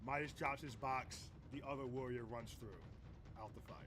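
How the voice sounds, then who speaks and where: A man's voice: medium pitch, normal speed, music in the background. A man narrating as game master of a tabletop role-playing game, laughing often and stumbling over repeated words. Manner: animated, laughing, stumbling repetitions.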